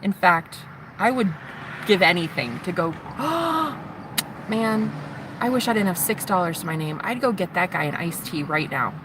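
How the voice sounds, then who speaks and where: A young woman vlogs from a parked car, her voice on the low side, animated and a little slow. She rambles in a casual, confessional way, teary and chatty with the odd drop to a whisper, over noisy traffic behind her.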